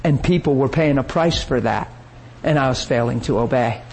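A man preaching a sermon, telling a story with lively energy and acting out the people he quotes. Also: medium pitch, moderate pace, vocal fry, a little hiss or hum, poor audio.

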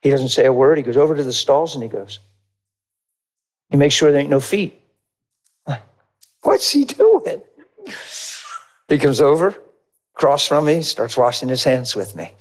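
A middle-aged man preaching, telling his testimony in a lively, conversational way and acting out dialogue. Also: medium pitch, a little fast. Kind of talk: testimony sermon, storytelling.

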